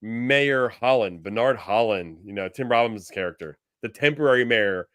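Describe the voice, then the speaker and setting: A man's voice: on the low side, expressive, moderate pace, fairly bright tone, no room sound. Easygoing man, dry close sound. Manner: easygoing, laughs often. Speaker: podcast co-host. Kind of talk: casual chat.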